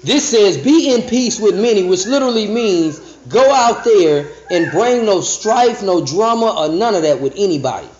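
This podcast Bible teacher has a fairly high voice with an expressive, somewhat dark tone. His loose teaching style slows to a crawl on each verse before springing back into asides and false starts, all captured in a flat, echoey recording that suggests an empty room.

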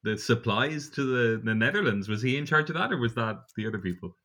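A man's voice: medium pitch, lively intonation, brisk, pushed and bright. A man co-hosting a casual podcast, joking around and asking questions to keep up with the story. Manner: jokey, asks questions to check the story. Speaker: podcast co-host. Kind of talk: casual conversation.

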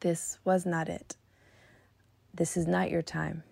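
Young woman, gravelly husky voice, low flat delivery, dry close sound; confessional storytelling. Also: slow, dry recording. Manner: emotional, confessional, drifts into soft whispers. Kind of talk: personal storytelling.

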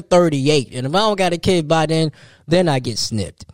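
A man, hosting a solo podcast and telling an animated story. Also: moderate pace, dry recording, studio quality. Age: 30s. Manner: animated storytelling, jumps high for quoted voices. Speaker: podcast host.

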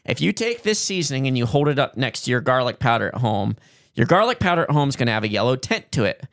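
A man's voice: big pitch swings, fast talker, a bit bright, no room sound. Podcast co-host, male, casual with a salesy upbeat read; mid-range voice, dry room. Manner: chatty, upbeat salesy pitch. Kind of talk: casual chat and sponsor read.

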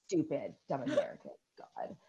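A woman in her thirties co-hosting a podcast, casually retelling a movie scene by scene, swearing and shrieking the characters' yells. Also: moderate pace. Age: 30s. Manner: animated storytelling with loud shrieks and swearing. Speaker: podcast co-host. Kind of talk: casual chat recapping a movie.

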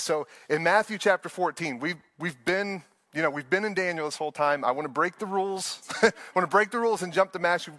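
A man's voice: fairly high pitch, fairly bright tone, no room sound. A man preaching an earnest, conversational sermon, often laughing and restarting his sentences. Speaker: pastor.

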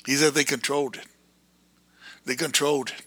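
A man ranting in a fiery, erratic preaching monologue, breaking into sudden shouted bursts. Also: medium pitch, flat delivery, moderate pace, no echo.

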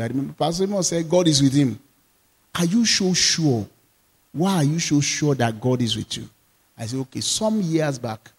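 A man, a pastor, preaching a sermon, repeating phrases and leading the congregation in call-and-response, moving between loud declarations and quiet asides. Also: on the high side, slightly rough, in a large hall.

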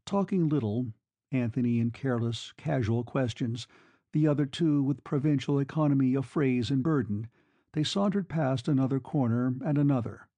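A man reads a classic novel aloud at an unhurried pace, his voice mellow and dark in tone at a middle pitch. It is recorded dry and close, with no room sound around it. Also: dry recording. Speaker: audiobook narrator. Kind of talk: scripted narration of a classic novel.

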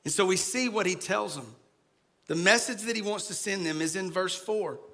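A man preaching a sermon as pastor, dropping to a hushed voice when he acts out scripture. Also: sits high, moderate pace.

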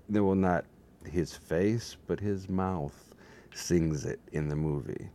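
A man's voice: deep voice, takes it slowly, dark tone. A tired man chatting in a meandering, self-deprecating way on his own vlog. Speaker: vlogger. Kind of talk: rambling casual vlog.

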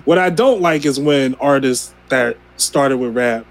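A man talking casually on a podcast at a middle pitch. He laughs easily and often restarts his sentences as he chats. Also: a little slow, gravelly, rough recording. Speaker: podcast co-host. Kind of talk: casual chat.

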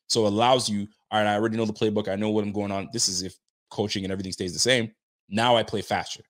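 A man hosting a casual sports talk show, speaking in an animated, slang-heavy way, answering chat comments and riffing on the roster. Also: mid-range voice. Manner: animated, slangy, talks straight to listeners. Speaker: sports podcast host.

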